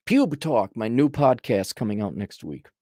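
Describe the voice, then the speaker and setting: A man's voice: mid-range voice, creaky, dark tone, dry recording, studio quality. A man giving blunt, profane life advice in a sarcastic monologue.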